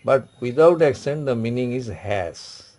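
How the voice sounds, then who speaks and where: A man's voice: medium pitch, lively intonation, measured pace, darkish tone. A man teaching French pronunciation in a classroom lesson, repeating words and checking with "okay". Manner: repetitive, instructive, frequent "okay" and "say".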